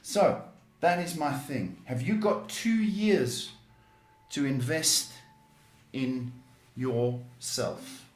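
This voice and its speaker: Male psychic host, slow and emphatic, blunt advice, roomy echo. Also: medium pitch. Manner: emphatic, blunt advice with repeated words and restarts. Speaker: psychic tarot reader and show host. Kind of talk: live-stream advice show.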